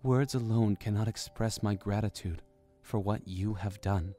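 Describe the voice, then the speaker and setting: A man voicing a gentle, sorrowful young princess in an audiobook, speaking softly but firmly. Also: on the low side, fairly even intonation, measured pace, faint music behind, natural voice. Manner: soft, gentle and firm by turns. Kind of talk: audiobook character voice.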